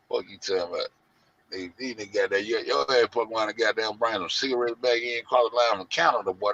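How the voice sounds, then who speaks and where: A man, ranting loud and profane to his online audience in heavy slang. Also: lowish voice, vocal fry. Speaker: show host. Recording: muffled lo-fi audio.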